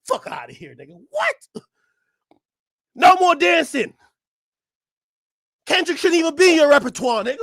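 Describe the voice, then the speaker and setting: A man ranting loudly and profanely to his chat during a live stream reaction. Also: extremely high pitch, expressive, normal speed, pauses often, dry recording, studio quality. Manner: loud, profane ranting, often shouting; talks to his chat and laughs between bits.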